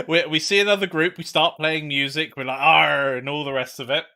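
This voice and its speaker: A man's voice: a little high, a little fast, over a noisy crowd. A man co-hosting a live stream, chatting reflectively about game design and laughing often. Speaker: co-host.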